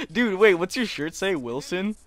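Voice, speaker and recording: A teenage guy chatting casually over a multiplayer game, laughing a lot and reacting with surprise. His voice sits a bit high and moves all over the place. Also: big pitch swings, slow. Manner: giggly, easily surprised. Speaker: gamer. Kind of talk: casual gaming chat with friends.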